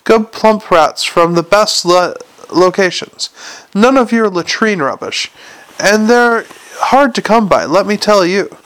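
A man reading aloud voices an indignant, blustering male dwarf restaurateur who defends his cooking loudly. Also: sits high, slow pace, clean tone.

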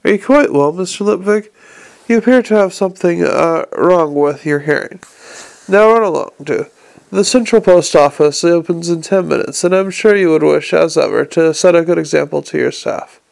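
A coolly mocking tyrant from a storybook reading, voiced by a man, every word dry and measured. His voice is a little higher than usual for a man and strongly gravelly. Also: a little mellow. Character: cold, urbane male city tyrant, unhurried.

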